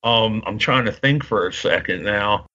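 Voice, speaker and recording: A man's voice: on the low side, normal speed, bright, forceful tone. A middle-aged man co-hosting a podcast, telling stories in a rambling, casual way. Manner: rambling storyteller, many restarts and fillers. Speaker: podcast co-host. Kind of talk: casual chat. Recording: dull lo-fi audio.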